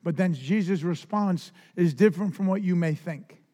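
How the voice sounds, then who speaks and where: A man preaching a sermon with passion, stumbling over restarts and swinging between hushed lows and near shouts. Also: moderate pace. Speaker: pastor. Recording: loud music behind the voice.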